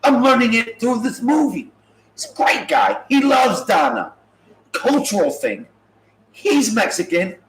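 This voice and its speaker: A man's voice: very high voice, very animated, measured pace, reverberant, slight background noise, low-quality recording. A man telling funny stories in a casual talk show, joking and acting out the voices of people he quotes. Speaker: podcast host. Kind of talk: casual comedic storytelling.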